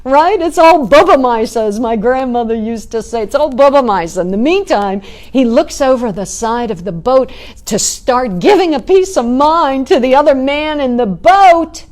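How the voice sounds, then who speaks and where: A middle-aged woman, a spiritual teacher, giving a talk with animated storytelling and frequent "right?" asides. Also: high voice, moderate pace. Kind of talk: talk or sermon.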